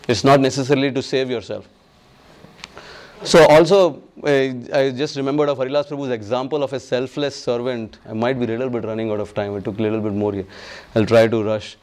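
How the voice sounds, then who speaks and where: A man giving a devotional class on scripture, emphatic and repetitive, who acts out the people he quotes and chants verses slowly. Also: medium pitch, a little mellow. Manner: emphatic, repeats phrases, acts out quoted speakers.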